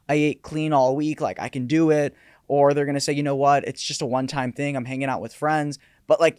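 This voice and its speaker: A man's voice: medium pitch, a little mellow, no echo, clean studio sound. A young man in his twenties, a real estate agent on a podcast, explaining his ideas earnestly with everyday examples. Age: 20s. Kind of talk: casual podcast conversation.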